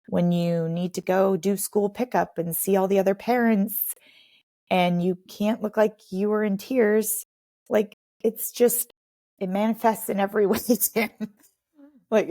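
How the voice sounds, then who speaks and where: A woman's voice: mid-range voice, fairly even intonation, unhurried, mellow, dry recording, studio quality. A woman in her thirties, a podcast guest, talking openly and reflectively with many "like" fillers. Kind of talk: candid personal conversation.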